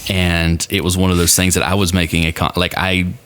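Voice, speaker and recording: Very deep-voiced rambling podcast man. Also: flat delivery, a little fast, a bit bright, smooth. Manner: rambling, many fillers and restarts. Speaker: podcast co-host. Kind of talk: casual chat. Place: home studio with his dog nearby.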